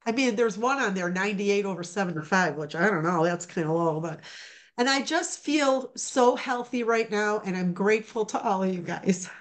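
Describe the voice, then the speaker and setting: A woman giving a casual testimonial over a video call, talking in a halting, rambling way with many restarts. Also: medium pitch.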